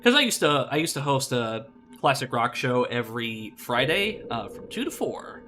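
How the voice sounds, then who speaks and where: A man's voice: mid-range voice, sing-song, normal speed. A young man with a Midwestern accent, chatting casually while streaming a video game, filling his talk with lots of "like" and "uh". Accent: American Midwestern. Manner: rambling, many fillers like "like" and "uh". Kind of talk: casual live-stream chat. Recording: game music behind the voice.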